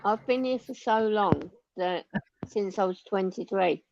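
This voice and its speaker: A woman's voice: medium pitch, a little slow, vocal fry, lo-fi sound, background noise. A woman in her sixties from Lancashire with a Lancashire accent, chatting casually on a live stream and laughing often. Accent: Lancashire English. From Lancashire, England. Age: 60s. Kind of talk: casual chat.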